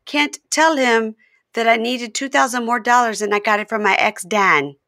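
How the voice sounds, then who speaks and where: A woman's voice: fairly high pitch, moderate pace, pushed and bright, pitched above the performer's own voice. A woman voicing a demanding young wife on reality TV, coaxing and pleading in a sing-song way.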